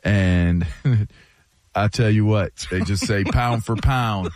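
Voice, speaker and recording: Deep-voiced, playful male radio co-host. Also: slow pace, darkish tone, no room sound. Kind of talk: casual sports talk. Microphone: studio microphone.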